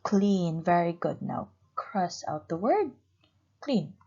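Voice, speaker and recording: A woman's voice: lowish voice, sing-song, slow, mellow, slightly rough. A woman teaching an online lesson to young children, patiently asking questions and praising answers. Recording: slightly dull, lo-fi recording.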